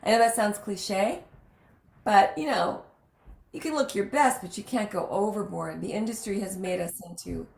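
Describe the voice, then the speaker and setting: Casting note: woman podcast host, emphatic storyteller, mid pitch, roomy echo. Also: normal speed, vocal fry, a little mellow. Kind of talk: casual chat.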